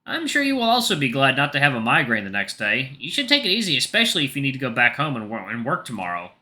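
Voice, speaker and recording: Earnest, excitable young guy read by a man, pitch jumping up, bright. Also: fast, exaggerated voice. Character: kind, earnest young man, a bit flustered.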